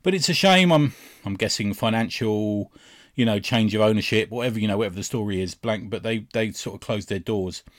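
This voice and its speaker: A man's voice: on the low side, a little fast, dry recording, clean studio sound. A man, co-hosting a casual podcast chat, who laughs often while retelling comic scenes. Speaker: podcast co-host.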